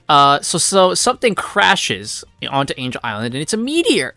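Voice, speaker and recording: A man's voice: medium pitch, big pitch swings, moderate pace, sharp tone, no room sound, soft background music. A man giving a casual, rambling review of a comic, full of fillers and blunt swearing.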